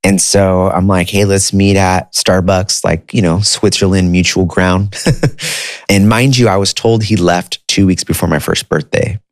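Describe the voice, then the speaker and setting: A man in his thirties telling a personal story in a loose, conversational way, dropping "dude" and "like" as he goes. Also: deep voice.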